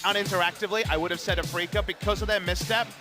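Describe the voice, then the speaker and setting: A man's voice: high voice, fairly even intonation, rapid-fire, over music. A man casting an esports match, giving strong, emphatic opinions. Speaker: esports caster. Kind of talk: esports commentary.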